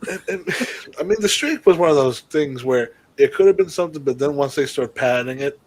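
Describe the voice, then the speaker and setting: A man co-hosting a casual wrestling chat show, blunt and quick to swear, laughing often. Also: on the high side, lively intonation, darkish tone, low-quality recording. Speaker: podcast co-host.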